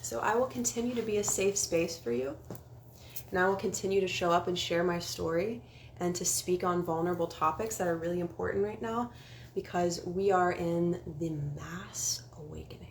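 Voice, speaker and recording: A woman's voice: on the low side, brisk, a little hiss or hum. A young woman, a spiritual life coach, talking casually on a livestream, earnest and sometimes dropping to a whisper. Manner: earnest, drops to whispers for emphasis. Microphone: phone.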